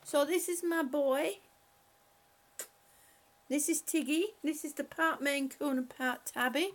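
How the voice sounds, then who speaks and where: A woman with a high voice hosts a relaxed live chat from her home, speaking slowly with fairly even intonation. She rambles, laughs often, and talks to her pets as the stream goes on.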